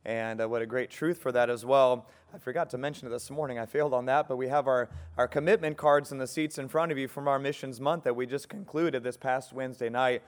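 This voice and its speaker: A man with a Californian accent gives church announcements as pastor. He speaks in an easygoing, halting way, with frequent fillers and restarts, before bringing up the guest preacher. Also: medium pitch, fairly even intonation, smooth. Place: church sanctuary.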